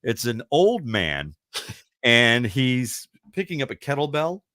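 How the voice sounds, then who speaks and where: List: man, fifties, radio show host, casual rambling storyteller, quick to laugh, lively up-and-down pitch, dry studio sound. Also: no echo. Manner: rambling storyteller, laughs easily, self-deprecating. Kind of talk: casual chat.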